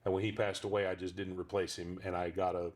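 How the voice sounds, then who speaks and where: Low-voiced ventriloquist telling stories. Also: male voice, flat delivery, fast. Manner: rambling storyteller with frequent fillers. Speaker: ventriloquist and voice actor. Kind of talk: casual interview chat.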